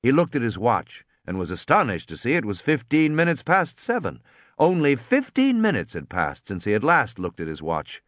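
A man narrating a story aloud, expressive, doing voices for the characters. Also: medium pitch, normal speed, no room sound, clean studio sound. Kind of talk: audiobook reading.

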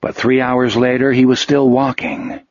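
A man reading a novel aloud as narrator, in a measured, steady storytelling manner. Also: medium pitch, dry recording. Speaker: audiobook narrator. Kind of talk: scripted narration. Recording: dull, dry lo-fi audio.

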